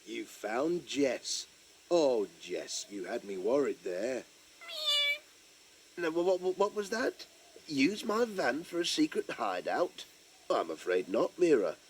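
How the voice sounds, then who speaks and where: A man's voice: medium pitch, big pitch swings, slow, a little hiss or hum. An actor playing a cheerful, chatty village postman who tells a children's story and talks straight to young listeners. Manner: chirpy, chatty, addresses young listeners directly. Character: cheerful friendly village postman, adult man. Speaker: storyteller in character. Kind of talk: children's audio story narration.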